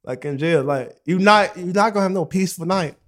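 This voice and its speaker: A young man in casual chat, telling a long story in a rambling, profane, slang-filled way with many fillers, and laughing loudly at the funny parts. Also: high voice, a little fast.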